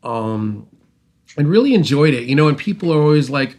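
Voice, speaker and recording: A middle-aged man hosting a talk show, telling a rambling, animated story with restarts and acted-out quotes. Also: on the high side, normal speed. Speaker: host, mixing engineer. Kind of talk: casual storytelling monologue.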